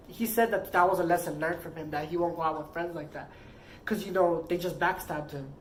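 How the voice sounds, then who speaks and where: A woman's voice: on the low side, fairly quick, a little hiss or hum, rough recording. A woman casually telling a personal story, rambling and filling her sentences with "like". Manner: rambling, heavy use of "like".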